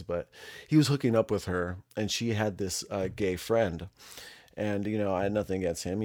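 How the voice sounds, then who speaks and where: A man's voice: deep voice, a little mellow, no echo, clean studio sound. A man, a podcast host, telling a rambling, profane story in a casual way. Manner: profane, rambling, full of asides.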